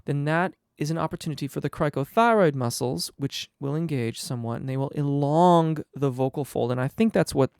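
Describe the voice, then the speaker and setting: A male singing teacher answering viewer questions live, a bit under the weather, explaining in a relaxed way with frequent ums and restarts. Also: fairly high pitch, fairly quick, creaky, few pauses, clear, resonant tone, dry recording, studio quality. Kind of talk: live Q&A on voice technique.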